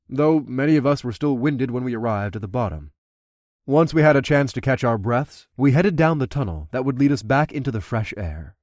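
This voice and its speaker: A man's voice: mid-range voice, dry recording, studio quality. A man narrating an adult fantasy audiobook, doing the main character's dialogue himself.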